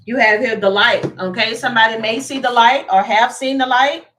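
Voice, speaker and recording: A woman's voice: on the high side, fairly even intonation, normal speed, a bit bright, a little hiss or hum, poor audio. A woman doing a casual live tarot reading, chatty and laughing, talking straight to her viewers. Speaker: tarot reader.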